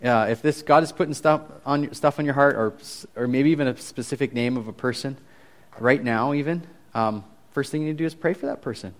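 A young man giving a casual, animated youth sermon, talking conversationally with frequent restarts. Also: medium pitch, brisk. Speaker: youth pastor.

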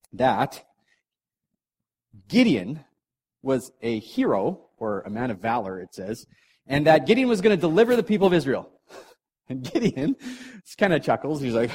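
A middle-aged man preaching to a live audience in a hall, telling a story in a casual, animated way, with jokes and acted voices. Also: medium pitch, normal speed. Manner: animated, jokey, acts out characters.

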